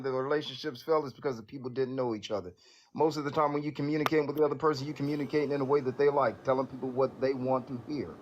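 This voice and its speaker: Guy talking fast on a live, emphatic, muffled lo-fi sound. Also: medium pitch, noisy background. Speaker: live stream guest. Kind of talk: casual live stream chat. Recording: dull lo-fi live stream audio.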